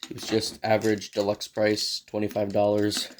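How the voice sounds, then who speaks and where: A man casually reviewing an action figure, rambling and thinking aloud as he handles it, often clearing his throat. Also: fairly low pitch, completely flat delivery, normal speed, a little hiss or hum. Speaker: toy reviewer. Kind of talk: casual toy review vlog.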